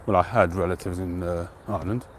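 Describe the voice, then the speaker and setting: A man hosting a live stream outdoors, chatting to viewers in a relaxed, rambling way and greeting them by name. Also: low-pitched, fairly quick, slight background noise. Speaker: pipe-smoking livestream host. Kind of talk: casual live-stream chat.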